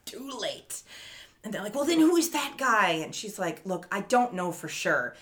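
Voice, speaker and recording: Bright-voiced woman recapping a show. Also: medium pitch, moderate pace. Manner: animated storyteller, laughs often, swears casually. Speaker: podcast co-host recapping a TV episode. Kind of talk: casual chat, retelling scenes with quoted voices.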